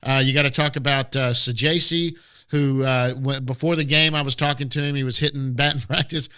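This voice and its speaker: A man's voice: medium pitch, steady tone, brisk, sharp tone, clean tone. A middle-aged man co-hosting a podcast, telling easygoing stories in casual sports chat. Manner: chatty storyteller, easygoing. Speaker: podcast co-host.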